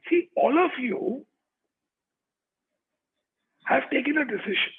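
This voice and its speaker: A man's voice: very high voice, slow, slightly rough. A man giving a chatty motivational talk over a video call, checking in with his audience as he goes. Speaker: motivational speaker. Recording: tinny online call audio.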